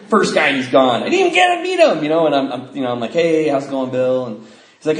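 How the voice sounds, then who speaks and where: A man's voice: on the high side, fast. A middle-aged man from the northwestern United States gives a personal recovery talk at a convention, acting out conversations in different voices as he tells his stories. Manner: lively storyteller who acts out conversations in a range of voices. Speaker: recovery meeting speaker. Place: convention hall. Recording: roomy hall with faint noise.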